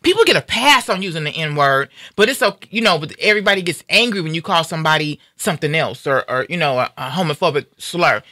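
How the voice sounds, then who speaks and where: A fired-up African American woman holds forth on a live stream, her voice bright and forceful as she drives every point home. She talks casually but with fierce, emphatic anger. The sound is dry and close to the mic. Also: low-pitched, expressive, fast, few pauses, dry recording. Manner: angry, fiery, emphatic. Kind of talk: heated casual talk.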